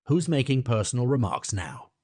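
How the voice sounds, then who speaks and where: A man voicing a smug, rude hatter in an audiobook, quick with rude, pleased-with-himself remarks. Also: mid-range voice, sing-song, a little mellow, dry recording, clean studio sound. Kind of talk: audiobook character voice.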